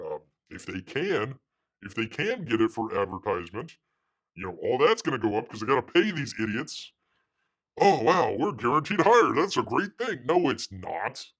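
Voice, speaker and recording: A man's voice: medium pitch, a bit bright. A man hosting his own livestream show, ranting in a sarcastic, mocking way with lots of filler words. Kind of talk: casual ranting commentary.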